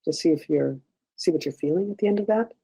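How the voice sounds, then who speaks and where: A woman teaches a workshop in a relaxed, chatty way, guiding listeners gently through an exercise. Her voice has a gravelly edge and a dark, mellow tone, and she keeps checking in with her audience as she goes. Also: low voice, fast talker, poor audio. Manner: conversational, checks in often with "okay?"; gentle, instructive guidance. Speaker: workshop instructor.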